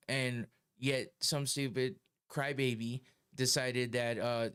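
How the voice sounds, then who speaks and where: A man's voice: medium pitch, clean tone. A middle-aged man hosting a podcast, ranting heatedly and swearing a lot, with frequent laughs. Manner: profane, heated, laughs often. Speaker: podcast host. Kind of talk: casual opinion rant.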